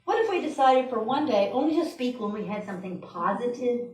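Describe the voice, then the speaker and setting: A woman's voice: on the high side, big pitch swings, a little fast. A woman giving a sermon at a church, chatty and playful, laughing often and speaking to the congregation with asides. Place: church sanctuary. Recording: roomy church sound from a distance.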